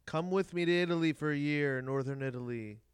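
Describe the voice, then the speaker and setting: A man's voice: on the high side, a little fast, clear, resonant tone, dry recording, studio quality. A man chatting casually on a podcast, telling eager stories and laughing along. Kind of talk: casual chat.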